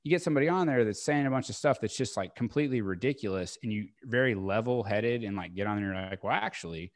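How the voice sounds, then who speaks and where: A man's voice: fairly low pitch, fast, dry recording, studio quality. A man hosting a podcast, chatting casually in a rambling way, full of "like" fillers. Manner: rambling, heavy use of "like". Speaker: podcast host. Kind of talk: casual conversational chat.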